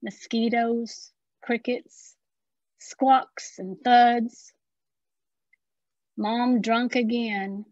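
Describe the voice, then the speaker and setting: Slow Appalachian woman reading poetry. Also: fairly high pitch, fairly even intonation, darkish tone, no room sound, muffled recording. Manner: slow, deliberate, dramatic pauses. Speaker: poet. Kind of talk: spoken-word poetry reading.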